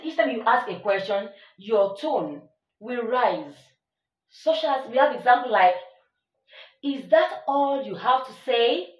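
A woman teaching an English grammar lesson, emphatic, repeating her examples and checking that the listener follows. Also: medium pitch. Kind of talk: classroom-style grammar lesson. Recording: echoey room, voice a bit far from the mic.

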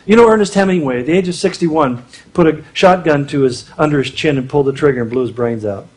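This conference speaker, a middle-aged man, talks fast in a slightly high, somewhat mellow voice with a breathy edge. His sermon at a marriage conference is humorous and conversational, full of little acted-out quotes.

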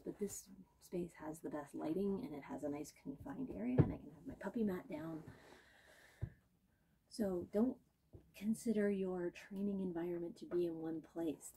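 A woman dog trainer giving calm, patient instruction while working with a puppy, coaxing and praising it. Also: fairly low pitch, a little hiss or hum. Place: indoor training room.

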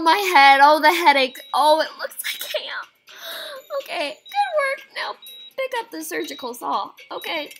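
Bright high-voiced young woman gaming. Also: poor audio. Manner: chatty, reads game prompts aloud, squeamish exclamations. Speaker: game streamer. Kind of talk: casual let's-play commentary.

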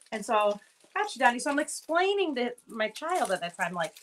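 A woman's voice: lively intonation, a little fast, a bit bright, low-quality recording. Chatty woman hosting a live jewelry sale. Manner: rambling storytelling with many fillers; acts out her kids' lines in a higher voice. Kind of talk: casual chatty live selling.

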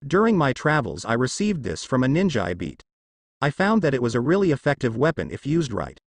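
A man's voice: mid-range voice, huge pitch swings, a little fast, no room sound. A man voicing a cocky teenage boy ninja in a fan fiction reading, smug and teasing.

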